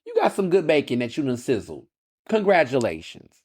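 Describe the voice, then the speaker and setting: This podcast host from Texas has a medium-pitched, slightly rough voice and talks fairly quickly, captured at studio quality with no room sound. His solo commentary is opinionated and sardonic, animated with mocking asides, and he often restarts and repeats words.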